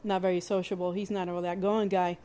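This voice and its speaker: A woman's voice: on the low side, flat delivery, mellow. Candid woman telling a personal story. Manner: halting, conversational, frequent restarts and fillers; candid and plainspoken, with mild swearing. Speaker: podcast host.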